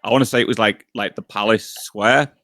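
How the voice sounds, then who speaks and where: A man co-hosting a podcast, telling a story in casual, sweary chat and getting loud as he retells it. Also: on the low side, a little fast, no echo, studio quality. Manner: sweary, animated, often shouts when retelling. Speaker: podcast co-host.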